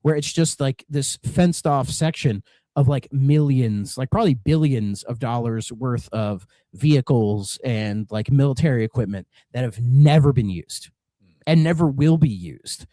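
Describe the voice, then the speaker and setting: A man's voice: medium pitch, mellow, no room sound. A man co-hosting a retro game podcast in casual, rambling chat, swearing and drifting into rants. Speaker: podcast co-host.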